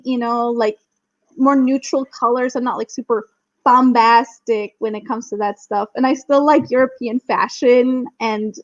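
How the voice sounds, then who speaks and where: A young woman from Wisconsin, a podcast guest, talking animatedly with frequent laughs and restarts. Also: high-pitched. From Wisconsin, United States. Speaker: podcast guest, Spanish teacher. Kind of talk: casual interview chat. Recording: dull lo-fi sound.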